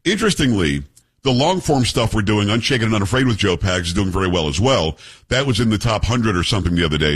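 Husky-voiced radio talk host, man. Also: lowish voice. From Texas. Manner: chatty, joking, name-dropping asides. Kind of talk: casual radio chat. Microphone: studio microphone.

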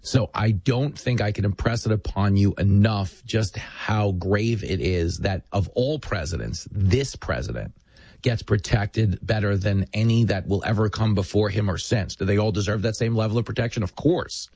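A man's voice: fairly low pitch, normal speed, darkish tone, breathy edge, no echo. A man hosting a talk show, delivering an emphatic, sardonic political monologue into a studio microphone.

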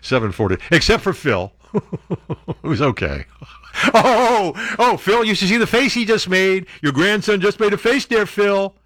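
A man's voice: high voice, very animated, a little slow, fairly bright tone, dry recording. A man hosting a talk radio show, sarcastic and rambling, laughing at his own jokes from a studio.

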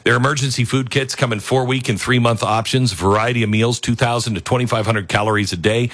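An older man hosting a talk radio show, rambling and self-mocking as he reads the ads and mocks headlines in high put-on voices. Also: steady tone, a little fast, a bit bright, no echo. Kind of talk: talk radio monologue with host-read ads.

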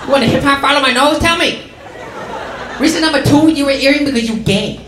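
A man's voice: very high-pitched, a little fast, over a noisy crowd, pitched above the performer's own voice. A man voicing a strict, scolding middle-aged mother who interrogates in broken English. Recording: echoey room with background noise.

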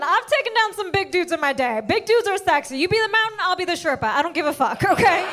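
A woman's voice: very high-pitched, fairly bright tone. A woman doing a stand-up comedy set, telling stories in a chatty way with lots of tag questions. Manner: conversational storytelling, frequent tag questions.

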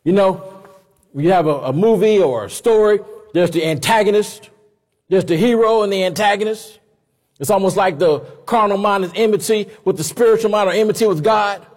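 A man preaching a sermon in a conversational, animated way. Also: high voice, a little fast, long reverb tail. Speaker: pastor.

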